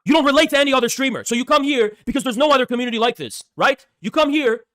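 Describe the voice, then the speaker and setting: Male streamer, high bright voice, profane heated rant. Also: rapid-fire. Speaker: livestreamer. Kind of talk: ranting livestream talk.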